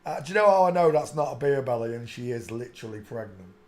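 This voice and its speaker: A man's voice: medium pitch, expressive, fast, darkish tone. A man hosting a live stream, mocking photos he is looking at and often breaking into giggles. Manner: mocking, bursts into giggling laughter. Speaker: streaming channel host. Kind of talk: comedic live-stream commentary.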